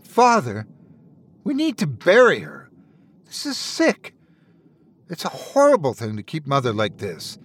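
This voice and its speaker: A man playing a disgusted young man snapping at his father, sharp and high. His lines come out bitter and sarcastic in a storybook reading. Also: huge pitch swings, a little slow, long pauses, a little hiss or hum. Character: angry grown son, disgusted and bitter.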